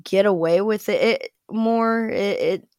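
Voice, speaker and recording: A woman's voice: mid-range voice, unhurried, darkish tone, no room sound, clean studio sound. An American woman talking as a podcast guest, chatty and rambling, with frequent fillers and laughs. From United States. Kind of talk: casual interview chat.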